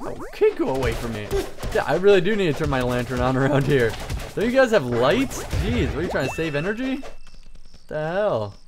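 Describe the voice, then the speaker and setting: A man giving lively let's-play commentary, taunting game enemies and joking as he fights. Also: a little high. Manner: excitable, taunting enemies aloud. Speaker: gaming channel host.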